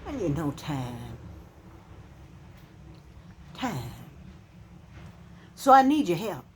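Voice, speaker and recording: A woman, talking to her channel's viewers to camera in a heartfelt, halting, emotional way. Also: low-pitched, very animated, a little mellow, a little hiss or hum. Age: 60s. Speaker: channel host. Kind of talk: casual talk to camera.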